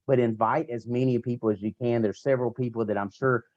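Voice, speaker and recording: A man giving an energetic motivational training talk to his sales team, full of repeated slogans and direct coaching. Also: mid-range voice, fast, highs cut off. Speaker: network marketing team trainer.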